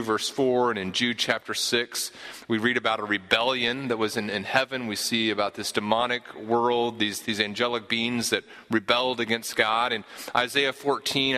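A man's voice: mid-range voice, bright, forceful tone, big-room sound. A man preaching a sermon, explaining scripture earnestly and often repeating a word as he gathers his thought.

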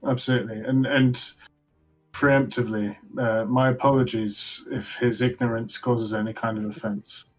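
A man's voice: medium pitch, steady tone, moderate pace, recorded from a distance, faint music behind, close to an everyday voice, low-quality recording. A courteous adventurer, hesitant and apologetic, as a man plays him. His voice sits in a middle range and stumbles politely over its words. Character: apologetic male adventurer companion.

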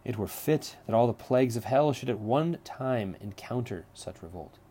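A man reading the lines of a scheming, smooth-talking Italian nobleman, delivering old verse in a measured way. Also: medium pitch, lively intonation, warm tone. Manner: reads verse aloud plainly, measured.

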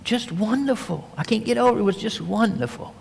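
A hushed, amazed mother, voiced by a man telling the story from the pulpit speaks in a soft, lifted voice full of quiet wonder. The sound trails off into a long reverb, as if in a large hall. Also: sits high, fairly quick, creaky, slightly rough, pitched above the performer's own voice, exaggerated voice. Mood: awed.

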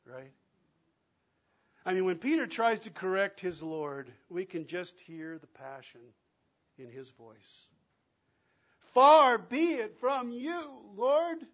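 Man, pastor, sermon, high voice, dramatic delivery, muffled lo-fi sound. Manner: dramatic, acts out quoted lines with big swings in loudness.

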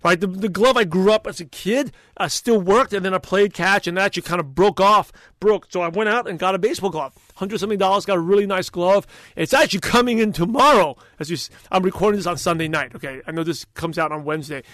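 A man with a high-pitched voice hosts a solo podcast, recorded dry and close. He talks in an emphatic, motivational way, rambling and restarting his sentences as he goes. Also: fast talker, fairly bright tone, no echo. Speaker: podcast host.

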